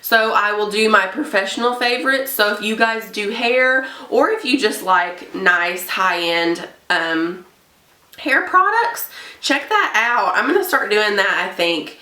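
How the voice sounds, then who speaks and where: Young woman vlogger, blunt casual makeup review, bright tone, roomy echo. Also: mid-range voice, expressive, unhurried. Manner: chatty, blunt, gets heated about bad products. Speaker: beauty vlogger and hairstylist. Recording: echoey room, a bit far from mic.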